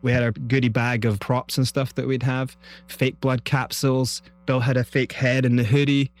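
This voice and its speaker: A man's voice: mid-range voice, level tone, normal speed, soft background music. Scottish man telling a story. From Scotland. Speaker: guest. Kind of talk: storytelling interview.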